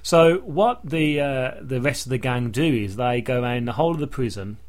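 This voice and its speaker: A man's voice: mid-range voice, lively intonation, moderate pace. A man hosting a casual podcast, recapping a sitcom in a rambling way. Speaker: podcast host. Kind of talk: casual chat.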